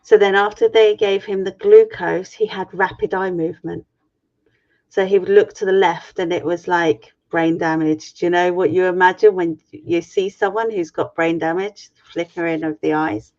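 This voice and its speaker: A woman's voice: on the low side, fairly even intonation, normal speed, darkish tone. A middle-aged woman on a video call, frankly and swearily retelling an ordeal in a personal story. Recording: muffled lo-fi stream audio.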